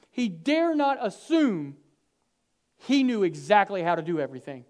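High-voiced preacher with big swings. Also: male voice, moderate pace. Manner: dynamic, swings from hushed to loud and animated; acts out quoted dialogue with humor. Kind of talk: sermon.

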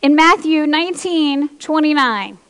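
A woman's voice: sits high, lively intonation, measured pace, fairly bright tone, long reverb tail. A woman preacher giving an impassioned sermon, reading scripture aloud and speaking straight to her congregation in a church.

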